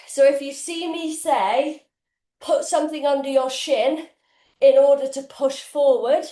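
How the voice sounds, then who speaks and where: Breathless high-voiced woman fitness coach. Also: echoey room. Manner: casual, energetic, swears freely. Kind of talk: live online workout demonstration. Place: home kitchen, indoors.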